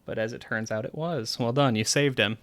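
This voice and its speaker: A man's voice: medium pitch, fairly quick, a bit bright. A man narrating as game master in a casual, swearing, laughing tabletop game session.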